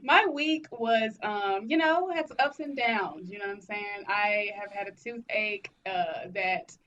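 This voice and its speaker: A woman co-hosting a podcast in casual chat, talking in an animated, teasing, slangy way. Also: medium pitch, measured pace, dull audio. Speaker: podcast co-host.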